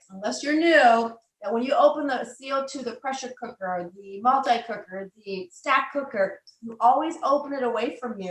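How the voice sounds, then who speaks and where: A woman's voice: a little high, a bit bright. Chatty woman demoing in an echoey kitchen. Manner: chatty, laughs often, gives tips. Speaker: cooking demonstrator. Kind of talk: casual cooking demo. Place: home kitchen.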